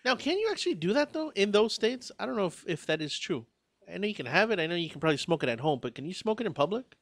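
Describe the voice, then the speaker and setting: A man's voice: high-pitched, big pitch swings, fast talker, no echo. A man co-hosting a talk radio show, joking and rambling, laughing often. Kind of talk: casual radio banter.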